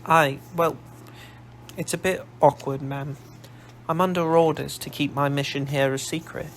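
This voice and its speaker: A man's voice: on the high side, steady tone, unhurried, a little hiss or hum. A man voicing a plucky young woman disguised as a boy soldier, speaking bluntly with a Glasgow Scottish accent. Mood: blunt, dutiful. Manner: blunt, down-to-earth.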